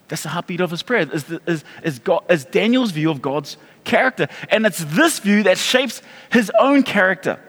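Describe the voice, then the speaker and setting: High-pitched guy preaching a sermon, lots of repeats and restarts, reverby hall sound. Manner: animated preaching with repetitions and restarts. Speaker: pastor.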